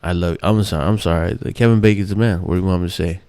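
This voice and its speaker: A man's voice: low-pitched, steady tone, fast talker, warm tone, dry recording. A man hosting his own show, ranting in a rambling, profane, exasperated way with many restarts. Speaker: podcast host. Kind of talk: casual ranting monologue.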